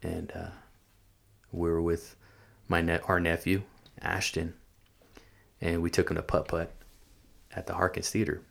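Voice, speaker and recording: A man casually telling his faith testimony, halting and repeating words, acting out what people said. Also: sits low, flat delivery, gravelly, fairly bright tone. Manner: halting, repeats words, acts out quoted speech. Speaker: guest sharing his testimony. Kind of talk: casual storytelling conversation.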